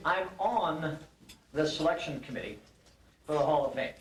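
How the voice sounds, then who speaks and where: A man's voice: fairly high pitch, normal speed, very noisy. An older man giving an acceptance speech at a banquet, telling a folksy animal joke in a storytelling manner. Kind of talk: after-dinner speech with a told joke. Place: banquet hall. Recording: roomy hall recording from a distance.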